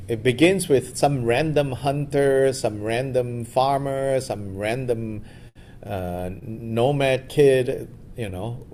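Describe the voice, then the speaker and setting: A man's voice: medium pitch, darkish tone, slight background noise. A man giving a loose, storytelling dharma talk as a meditation teacher at a retreat. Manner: loose, storytelling, many fillers.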